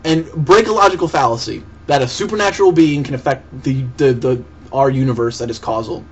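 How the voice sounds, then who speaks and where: A young man with a fairly high voice delivers a profane, heated, sarcastic rant in reply to a commenter, with faint hiss behind him. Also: brisk. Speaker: vlogger answering a commenter. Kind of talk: angry video rant.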